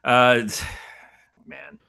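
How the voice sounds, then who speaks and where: A middle-aged man co-hosting a horror movie podcast in casual chat, animated and profane, rambling through his points. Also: drawn-out words. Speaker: podcast co-host.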